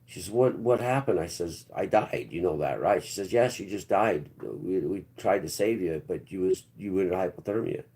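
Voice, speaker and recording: A man's voice: sits low, expressive, normal speed, hardly any pauses, warm tone. A man hosting a live stream, telling a long personal story in a rambling, blunt, earthy way.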